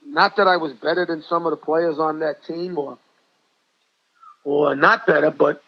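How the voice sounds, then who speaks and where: A man's voice: on the high side, fairly even intonation, moderate pace. An older man with a New York accent telling stories in an interview, chatty and repeating himself. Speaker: guest, former ballplayer and coach. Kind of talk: interview storytelling. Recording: dull lo-fi audio.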